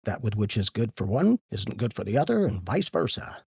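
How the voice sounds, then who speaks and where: Male co-host, husky, dry close sound, philosophical and aphoristic. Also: on the low side, sing-song, brisk, darkish tone, dry recording. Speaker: podcast co-host. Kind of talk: casual conversation.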